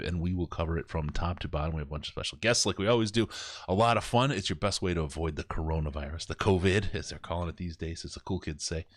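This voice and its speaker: A man's voice: low-pitched, dry recording, clean studio sound. A man hosting a live sports podcast, running through upcoming dates and plugs in a loose, joking, rambling way with plenty of fillers. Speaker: podcast host.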